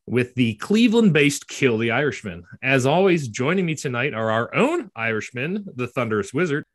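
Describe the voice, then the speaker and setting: A man hosts a casual podcast in a voice of middling pitch. He keeps things jokey and upbeat, tripping into loose restarts now and then. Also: a bit bright. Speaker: podcast host.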